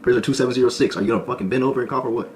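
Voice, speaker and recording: A man's voice: mid-range voice, very fast, slight background noise, voice pushed up, close to an everyday voice. A man voicing a stern male jail officer who barks curt, impatient orders at prisoners.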